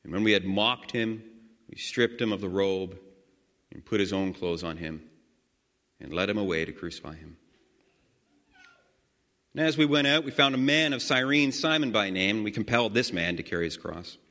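A man's voice: on the low side, animated, sharp tone. Earnest man reading scripture in echoey hall. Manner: slow, earnest reading with sudden swells of emphasis. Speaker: prayer leader. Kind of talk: guided scripture meditation. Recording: long hall reverb.

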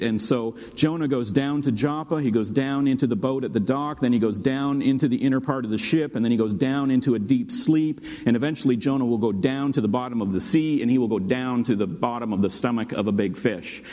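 A man preaching a sermon as pastor, steady and earnest, dropping low for emphasis and rising to urge his listeners. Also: fairly quick, hardly any pauses. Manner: steady preaching with dramatic drops and rising exhortation. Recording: long hall reverb.

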